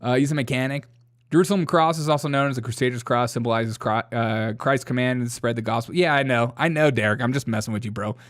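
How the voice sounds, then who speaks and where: Male host, casual commentary, sarcastic jokes, laughs between lines, mid-pitched voice. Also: fairly even intonation, fast. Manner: sarcastic, joking, often laughing. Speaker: show host.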